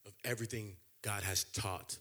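A man preaching a sermon in a conversational way, repeating phrases and building to loud, emphatic peaks. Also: fairly even intonation, normal speed, breathy edge. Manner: impassioned, builds to loud high emphatic climaxes.

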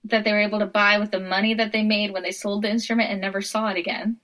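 A woman's voice: medium pitch, level tone, fast, fairly bright tone. A woman co-hosting a casual podcast chat, playful and rambling, laughing often. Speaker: podcast co-host.

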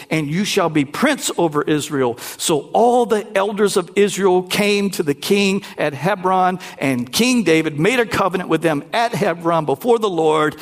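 A man pastor preaching a lively sermon, talking directly to his congregation. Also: high-pitched.

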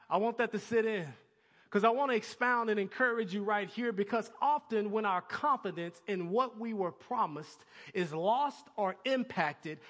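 A pastor preaching a sermon, calling on the congregation to answer and building to excited peaks. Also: male voice, sits high. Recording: long hall reverb.

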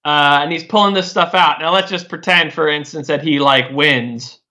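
A man's voice: fairly high pitch, fairly even intonation, moderate pace, bright, forceful tone. A man talking politics in a loose, rambling way, full of "like" and "uh", often restarting his sentences. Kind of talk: casual political chat.

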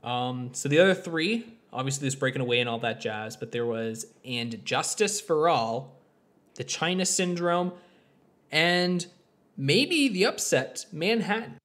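A man's voice: on the high side, lively intonation, measured pace, fairly bright tone. A man co-hosting a podcast, chatting casually about films in a rambling, joking way. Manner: rambling, lots of fillers and restarts, joking. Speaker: podcast co-host. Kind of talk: casual film review chat.

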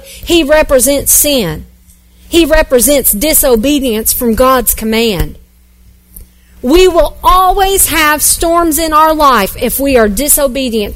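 A woman pastor preaching a sermon, earnest and repetitive, building emphasis phrase by phrase. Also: high voice.

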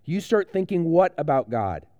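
Playful pastor talking to kids. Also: male voice, a little high, big pitch swings, normal speed, warm tone, dry recording. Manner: playful, joking, conversational with kids. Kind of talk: children's sermon.

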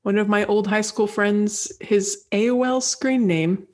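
A woman's voice: medium pitch, fairly even intonation, a little slow. Chatty, enthusiastic woman at a trivia quiz. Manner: chatty, warmly enthusiastic, playful. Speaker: podcast co-host, quiz contestant. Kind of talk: casual chat, trivia quiz.

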